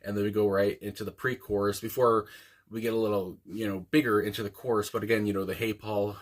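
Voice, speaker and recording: A man's voice: fairly low pitch, flat delivery, fast talker. A young man hosting a casual music reaction video, talking enthusiastically in a rambling way with many fillers. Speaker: music reaction channel host.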